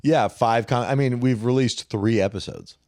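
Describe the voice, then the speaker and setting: A man's voice: medium pitch, normal speed, a little mellow, no echo, studio quality. A man co-hosting a casual podcast, joking loosely and laughing often. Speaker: podcast co-host. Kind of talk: casual chat.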